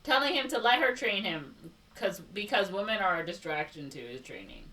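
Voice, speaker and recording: A woman with a Chicago accent co-hosts a casual movie recap podcast, reading a plot summary aloud and stopping for sarcastic asides. Her mid-range voice is pushed and bright, with lively intonation and a moderate pace. The recording is rough and picked up from a distance.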